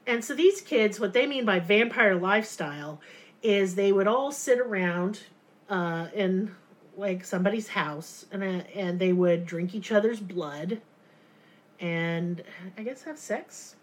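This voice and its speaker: A woman, co-hosting a casual true crime podcast, telling the story with sarcastic, animated asides. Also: mid-range voice, measured pace.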